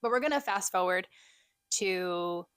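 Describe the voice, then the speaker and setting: A young woman co-hosting a podcast, catching up in a chatty, self-deprecating, animated way. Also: medium pitch, a little slow, smooth, dry recording. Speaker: podcast co-host. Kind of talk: casual solo catch-up chat.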